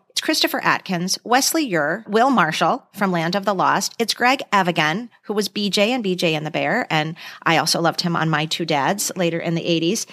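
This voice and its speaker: A woman's voice: mid-range voice, fairly bright tone. Enthusiastic middle-aged woman co-hosting a podcast. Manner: enthusiastic, talks straight to listeners. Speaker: podcast co-host. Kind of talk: casual chat.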